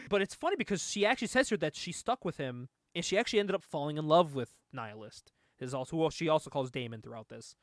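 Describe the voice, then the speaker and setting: A man's voice: on the high side, fairly bright tone, no echo, clean studio sound. A man hosting a podcast, recapping a comic book in a loose, chatty way, laughing often and swearing freely. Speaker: podcast host.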